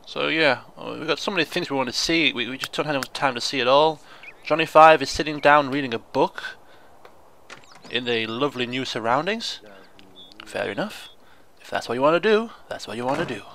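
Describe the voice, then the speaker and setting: A man giving chatty, excitable commentary on a video game, often laughing and exclaiming. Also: mid-range voice, fairly quick, vocal fry, a little hiss or hum. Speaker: gaming video host. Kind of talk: let's play commentary.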